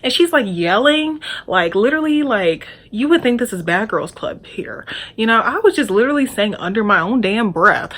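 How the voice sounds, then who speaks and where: A woman's voice: fairly high pitch, animated, normal speed, hardly any pauses, a bit bright. A young woman telling a storytime vlog, candid and profane, talking straight to her viewers. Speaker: vlogger.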